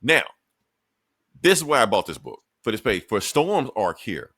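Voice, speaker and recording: A man co-hosting a casual podcast, recapping comic books in a loose, profane, joking way. His pitch swings a lot as he tells the story. The sound is dry and close. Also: sing-song, a bit bright, dry recording. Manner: laid-back, profane, recaps comics with quick put-on quotes. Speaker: podcast co-host. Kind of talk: casual comic book chat.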